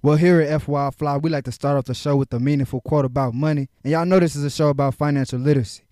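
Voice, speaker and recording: Upbeat slangy young podcast host. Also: male voice, fairly high pitch, steady tone, fast, mellow, dry recording, studio quality. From Houston. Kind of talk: casual podcast chat.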